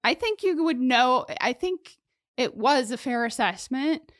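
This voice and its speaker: Here is a woman co-host with a fairly high voice, talking loose and chatty and full of fillers and little jokes. The sound is dry and close, with no room around it. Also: expressive, a little slow, fairly bright tone, dry recording. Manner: joking, chatty, lots of "like" fillers. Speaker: podcast co-host telling the case. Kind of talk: casual true-crime chat.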